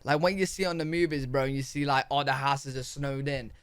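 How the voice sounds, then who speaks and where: A man hosting a reaction video, talking in slangy, excitable, rambling casual commentary. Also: mid-range voice, a little fast, clean tone. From United Kingdom.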